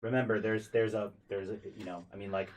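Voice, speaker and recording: A man narrating as game master of a tabletop game, halting, with many ums and restarts. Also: fairly low pitch, fairly even intonation, a little hiss or hum, poor audio.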